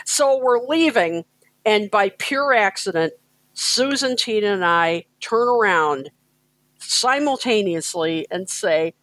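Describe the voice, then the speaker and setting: A woman's voice: mid-range voice, expressive, slow pace, a bit bright, no room sound, low-quality recording. An American woman co-hosting a podcast, telling a story casually with lots of fillers and laughter. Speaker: podcast co-host.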